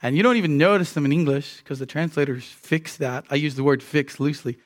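A man preaching an expository sermon, emphatic and often repeating words as he teaches. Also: fairly high pitch.

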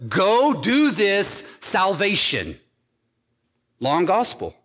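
A pastor preaching a sermon, hammering his points home through steady repetition. His voice sits high for a man, and he talks at a slow, unhurried pace. The sound carries the long reverb of a church hall. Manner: emphatic preaching with repeated phrases.

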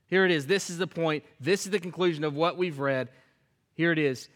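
A man preaching a sermon in a church, reading scripture aloud and acting out its lines, swinging from loud emphasis to hushed whispers. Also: on the high side, fairly quick. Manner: reads scripture aloud and acts out the characters' lines. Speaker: pastor.

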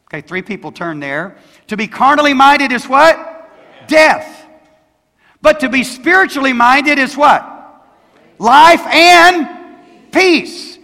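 A pastor in his sixties with a high, sharp voice preaches emphatically in a church sanctuary, quizzing the congregation with questions. The recording carries a long church reverb.

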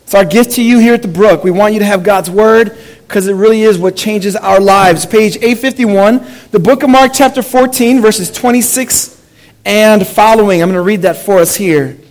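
A man pastor preaching a sermon in a church, reading scripture slowly and sinking to a hushed, low delivery on the weighty lines. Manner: invites the congregation to read aloud with him. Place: church sanctuary.

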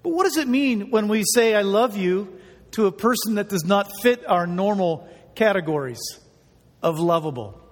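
A man's voice: high-pitched, lively intonation, moderate pace. A man preaching a sermon as pastor, earnest and emphatic, repeating key words for weight. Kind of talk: sermon with prayer. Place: church hall. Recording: long hall reverb.

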